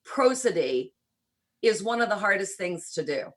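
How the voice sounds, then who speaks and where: A woman around sixty from rural Kentucky with a faint Southern accent, telling stories as a guest in an interview, shifting between quick runs and slow, deliberate phrases. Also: mid-range voice, sing-song, a bit bright, low-quality recording. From rural Kentucky, USA. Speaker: guest, church planter. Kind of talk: conversational interview storytelling.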